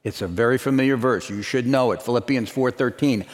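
In a reverberant hall, a pastor preaches a sermon, first telling a story and then building to emphatic, repeated declarations. His voice is medium-pitched, and he speaks fairly quickly with few pauses.

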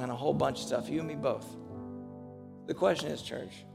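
A man's voice: on the high side, fairly quick, vocal fry, darkish tone, long reverb tail, soft background music. A man preaching a sermon as pastor to his church, telling a story and rising into passionate, urgent preaching. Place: church sanctuary.

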